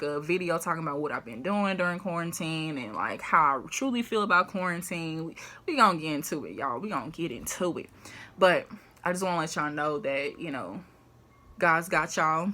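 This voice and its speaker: Chatty young woman, bright voice. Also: low-pitched. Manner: chatty, fills with "like" and "you know", laughs often. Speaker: faith vlogger. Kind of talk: casual faith talk to camera.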